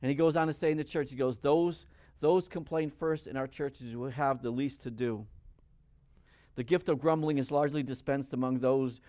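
A man preaching a sermon, emphatic and rising loud when he reads scripture. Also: mid-range voice, steady tone, moderate pace, no room sound. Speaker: pastor.

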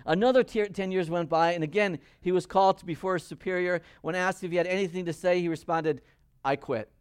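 A man preaches a sermon in a fairly high voice, pushing hard and loud when he reads scripture. The sound is dry and close, with no room around it. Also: brisk, smooth, no echo. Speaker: pastor.

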